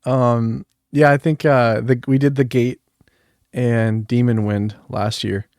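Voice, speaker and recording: A man's voice: medium pitch, steady tone, slow pace, a little mellow, clean tone, no room sound, studio quality. A man hosting a horror movie podcast in loose, rambling casual chat. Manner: laid-back, rambling, lots of fillers. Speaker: podcast host.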